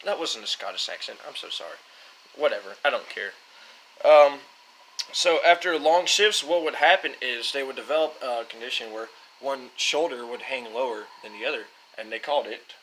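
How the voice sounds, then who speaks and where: A young man hosts a relaxed whiskey chat in a bright, forward voice, tripping over names and laughing at his own slips. A faint hum of the room sits behind him. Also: mid-range voice, moderate pace, poor audio. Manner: rambling, self-mocking, fumbles names. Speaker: show host. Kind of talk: casual whiskey-tasting talk.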